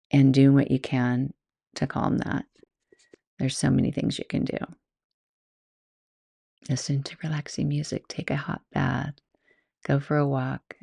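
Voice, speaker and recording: A woman's voice: very deep voice, gravelly, warm tone, no echo, studio quality. A woman host and yoga teacher telling stories in a chatty, rambling way, laughing often. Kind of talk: casual storytelling monologue.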